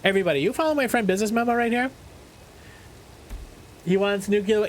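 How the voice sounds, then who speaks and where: Speaking quickly in a voice that sits high, this streamer leaves long pauses, and a little hiss or hum runs underneath. He swears and jokes animatedly with chat during live gameplay, breaking off to read trivia questions aloud.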